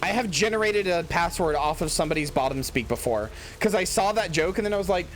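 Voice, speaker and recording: A man's voice: high voice, expressive, fast. A man streaming a game in casual commentary, rambling with many fillers and swearing into a headset mic.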